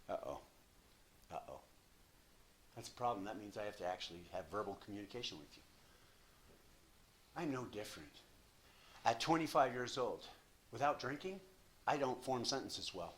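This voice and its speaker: Standing at a podium at a recovery meeting, a man in his sixties tells his personal recovery story in an animated, self-deprecating manner full of repetition. His voice is lowish, he talks a little fast, and he leaves long pauses.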